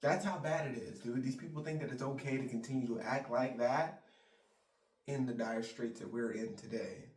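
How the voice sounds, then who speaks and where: A man's voice: medium pitch, moderate pace. Heated, swearing male vlogger; rambling rant, distant mic in a reverberant room. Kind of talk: ranting monologue. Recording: roomy sound, mic far off.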